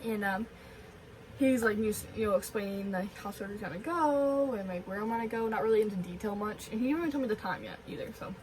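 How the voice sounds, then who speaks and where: A woman's voice: medium pitch, fast talker, a little mellow, recorded from a distance, slight background noise, low-quality recording. A young woman in her teens chatting casually in a vlog, rambling with lots of fillers and giggly asides. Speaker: vlogger.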